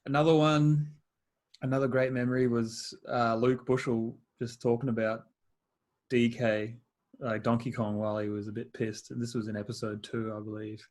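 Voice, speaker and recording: Male podcast host, middle pitch, easygoing banter with plenty of swearing. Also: flat delivery, normal speed, a little mellow. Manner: laid-back, swears, laughs often. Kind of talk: casual chat.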